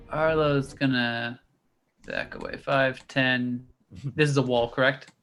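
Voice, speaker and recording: A man's voice: mid-range voice, fairly even intonation, slow pace, long pauses, fairly bright tone, faint music behind. A man playing a tabletop game, talkative, thinking aloud about his turn with mild exclamations. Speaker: player.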